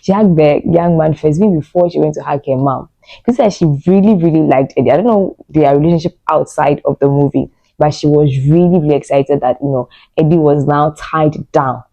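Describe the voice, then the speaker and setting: Woman, movie reviewer; mellow, warm tone, emotional and rambling with many fillers. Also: low-pitched, no room sound, low-quality recording. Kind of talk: casual spoken movie review.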